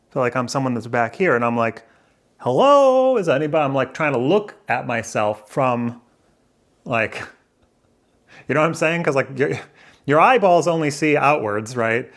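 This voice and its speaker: Indoors by a window, a man talks to the camera pointed at him, thinking aloud in a rambling, self-questioning way. It's a casual, musing monologue, and his medium-pitched voice carries vocal fry with a slightly bright quality.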